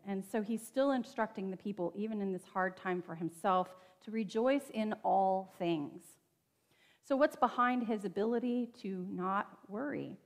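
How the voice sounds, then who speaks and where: Woman preaching in a reverberant church. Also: medium pitch. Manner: conversational, earnest, with rhetorical asides. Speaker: pastor. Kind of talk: sermon. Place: church sanctuary.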